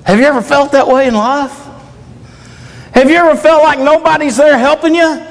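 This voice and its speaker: A man's voice: extremely high pitch, normal speed, creaky. A man preaching a sermon in an earnest, repetitive way, asking the congregation question after question. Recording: long reverb of a large hall.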